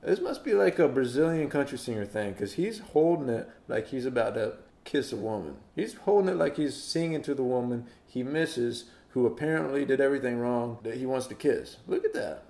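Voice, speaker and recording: A man's voice: medium pitch, animated, normal speed, creaky, few pauses, dark tone. A man hosting a music reaction video, chatting casually and playfully mock-quoting the singer. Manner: playful, mock-quotes the singer in put-on voices. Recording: roomy echo.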